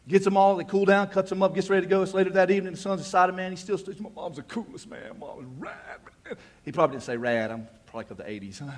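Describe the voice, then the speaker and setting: A man's voice: sits high, racing, few pauses. A male pastor in his thirties preaching a sermon in a folksy, conversational way, with joking asides. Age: 30s. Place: church.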